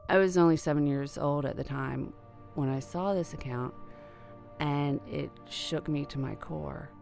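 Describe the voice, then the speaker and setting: A middle-aged woman telling a personal story in a conversational, earnest way, sometimes hushed. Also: low voice, gravelly.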